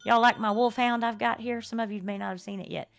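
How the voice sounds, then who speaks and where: An older woman hosts a live game stream. She talks in an effusive, chatty way and laughs often. Her voice has a slight fry, and faint music runs in the background. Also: on the high side, fairly even intonation, fast. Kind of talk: live-stream chat while playing.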